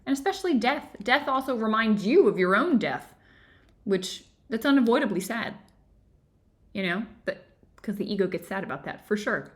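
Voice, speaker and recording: A woman's voice: mid-range voice, a bit bright. A woman hosting an online book club from her home office, talking casually and animatedly and laughing often.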